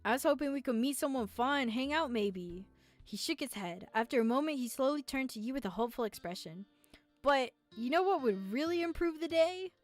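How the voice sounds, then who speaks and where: A woman's voice: high-pitched, animated, fairly quick. A woman streamer reading a visual novel aloud, playful and giggly, talking back to the characters. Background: faint game music.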